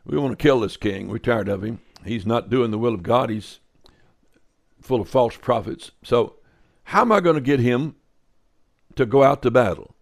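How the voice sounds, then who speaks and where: A man's voice: medium pitch, normal speed, gravelly, pauses often, natural voice. A man voicing God in heaven, who speaks in a casual, modern, exasperated way during a sermon retelling.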